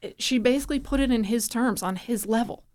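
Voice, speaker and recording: A woman's voice: a little high, brisk. A middle-aged woman from New Jersey, a guest telling a personal story in casual conversation, acting out the voices of people she quotes. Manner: animated, acts out quoted voices.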